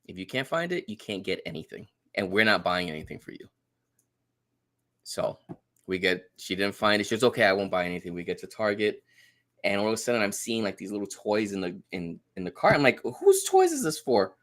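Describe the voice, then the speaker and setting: A man's voice: fairly low pitch, fairly quick. A man in his thirties chatting casually as a podcast guest, telling a story and acting out the quoted lines. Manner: animated storyteller, acts out quotes. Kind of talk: casual chat.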